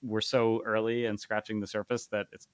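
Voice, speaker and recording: A man co-hosting a podcast in casual chat, relaxed and thinking aloud with lots of fillers. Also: on the low side, moderate pace, clear, resonant tone, dry recording. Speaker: podcast co-host.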